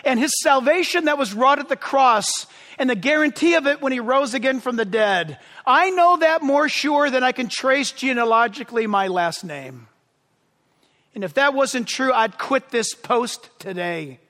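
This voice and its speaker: A man preaching a sermon as pastor, impassioned and yelling at times with excitement. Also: very high voice, moderate pace, in a large hall.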